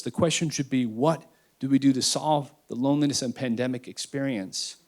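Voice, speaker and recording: A man speaking on a panel, emphatic and emotional, swinging between loud declarations and quiet asides. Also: medium pitch, a little fast. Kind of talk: impassioned panel talk.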